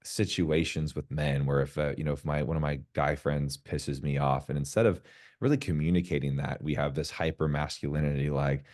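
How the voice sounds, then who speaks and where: A man's voice: a bass voice, brisk, darkish tone. A man, a podcast guest, talking frankly in casual conversation, swearing freely and acting out quoted dialogue in other voices.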